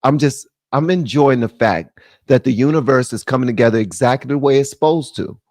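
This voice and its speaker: An American man hosting a live stream, giving animated, jokey commentary and laughing often. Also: mid-range voice, brisk, no room sound.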